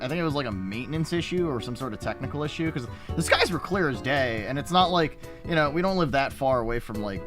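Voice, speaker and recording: A man streaming and chatting casually with viewers, rambling with frequent restarts and plenty of swearing. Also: medium pitch. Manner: rambling, profane, self-interrupting.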